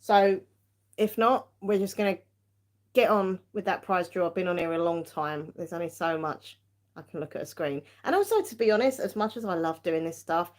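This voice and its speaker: A woman's voice: fairly low pitch, normal speed, a little mellow. Giggly, chatty woman streamer. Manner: chatty, giggly, self-mocking. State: tired. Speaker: tarot-reading livestream host. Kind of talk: casual live-stream chat.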